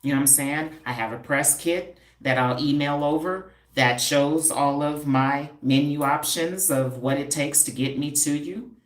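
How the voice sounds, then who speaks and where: A holistic hair and scalp practitioner hosts a live stream, answering viewer comments in a low voice with fairly even intonation. She talks a little slowly with few pauses, and the sound is roomy. Her banter is sassy, confrontational, and streetwise, full of rhetorical questions.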